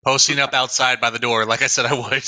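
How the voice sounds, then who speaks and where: A man's voice: mid-range voice, fairly even intonation, quick pace, sharp tone, no echo. A man playing in a tabletop game, brief and offhand. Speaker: player. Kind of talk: casual tabletop role-play.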